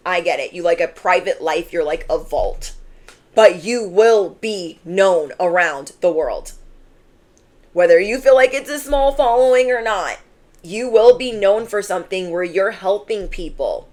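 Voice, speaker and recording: A woman's voice: lowish voice, a little slow, a little mellow. A woman giving a channeled tarot reading in an emphatic, chatty way, full of "like" and asides to the listener. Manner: emphatic, conversational, fillers. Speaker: tarot reader.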